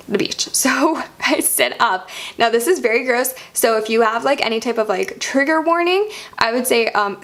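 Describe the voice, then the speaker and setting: Chatty young woman, higher pitch. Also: fairly bright tone. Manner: chatty, heavy use of "like", frequent laughs. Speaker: vlogger. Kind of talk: casual storytelling.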